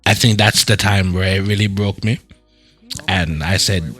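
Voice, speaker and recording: A man playing a tough young male street vigilante with a Jamaican patois accent, talking haltingly and restarting words. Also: low-pitched, fairly even intonation, a bit bright, soft background music. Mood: easygoing. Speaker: roleplay character. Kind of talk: in-character roleplay chat.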